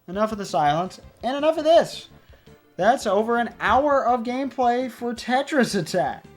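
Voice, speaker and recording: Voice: mid-range voice, big pitch swings, moderate pace, faint music behind. A let's play host casually commenting on a puzzle game. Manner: chatty, rambling.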